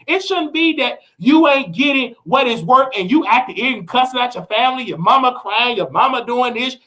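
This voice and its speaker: A man with a Southern US accent, hosting and ranting in animated commentary, preachy and mocking. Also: extremely high pitch. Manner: preachy, mocking, acts out quotes in other voices. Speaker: host.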